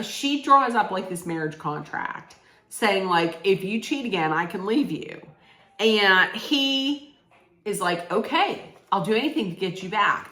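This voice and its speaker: A woman's voice: on the high side, fairly bright tone. A woman recapping a documentary in a casual, blunt, indignant way, swearing freely. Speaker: vlogger reacting to a documentary. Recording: roomy echo.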